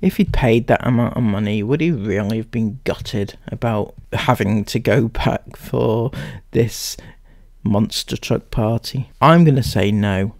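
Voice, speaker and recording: A man's voice: lowish voice, unhurried, gravelly, no room sound, studio quality. A man hosting a sarcastic commentary, speaking straight at the people he mocks with open skepticism. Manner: mocking, skeptical, addresses subjects directly. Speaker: commentary host.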